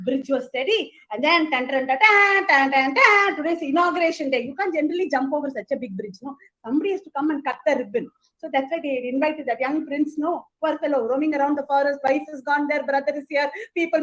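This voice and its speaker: Lively woman storyteller. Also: high-pitched, poor audio. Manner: lively, chatty, asides to listeners. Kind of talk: animated oral storytelling.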